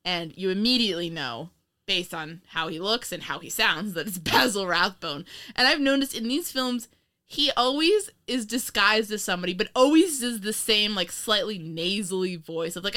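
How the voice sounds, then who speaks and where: A woman from New York co-hosts a loose, casual podcast conversation. Her voice is bright and tense-edged, and her pitch swings about animatedly. She laughs often and swears without a second thought. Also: animated, normal speed. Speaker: podcast co-host. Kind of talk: casual chat.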